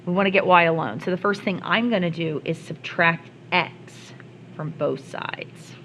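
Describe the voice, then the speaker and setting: A woman's voice: lowish voice, measured pace, a bit bright, a little hiss or hum, low-quality recording. A woman math teacher explaining worked examples step by step, with playful asides. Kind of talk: recorded classroom lesson.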